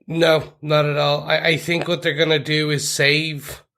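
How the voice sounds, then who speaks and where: A man's voice: a little high, little pitch movement, measured pace, creaky, bright, forceful tone. A man co-hosting a casual podcast, speculating loosely and saying "like" a lot. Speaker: podcast co-host.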